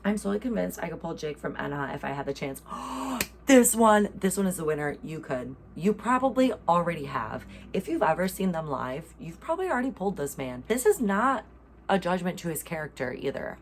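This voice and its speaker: A woman's voice: low-pitched, big pitch swings, a little fast, a little hiss or hum. A young American woman hosting a casual reaction chat, talking in a playful, gushing way full of fillers. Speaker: host.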